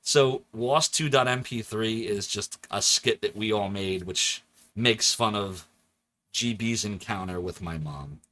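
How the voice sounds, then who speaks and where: With a lowish voice and a slightly slow delivery, a Philadelphia-area man in his forties livestreams his gameplay. The let's-play chatter is animated and talkative, punctuated by frequent laughs and shifts into comic voices.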